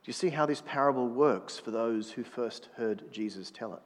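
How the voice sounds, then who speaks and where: A man's voice: medium pitch, normal speed, in a large hall. A man preaching a sermon in a conversational manner, prodding the congregation to answer back. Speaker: pastor.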